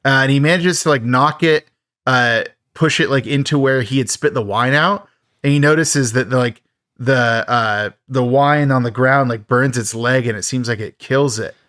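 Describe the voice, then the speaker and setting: A man talks through a film's plot on a podcast, loose and rambling, with lots of fillers and wry asides. His voice sits in a middle pitch. The sound is dry and close to the mic. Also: normal speed, fairly bright tone, no room sound. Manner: rambling, filler-heavy, laughs at the film. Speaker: podcast host. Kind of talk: casual film recap.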